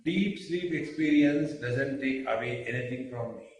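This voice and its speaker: A man giving a spiritual discourse, speaking deliberately with rhetorical questions and pauses. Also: mid-range voice. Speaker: spiritual teacher. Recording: very echoey room, mic far off.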